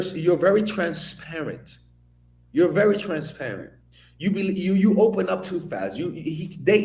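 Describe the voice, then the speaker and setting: A man from the Dominican Republic giving a blunt, profane commentary monologue, with animated storytelling. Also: fairly high pitch, echoey room. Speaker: video commentator.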